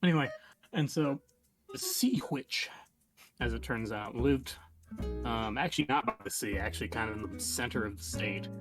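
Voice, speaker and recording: A man streaming live, telling a long rambling comic story in a meandering deadpan way, trailing off and restarting. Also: medium pitch, moderate pace, over music.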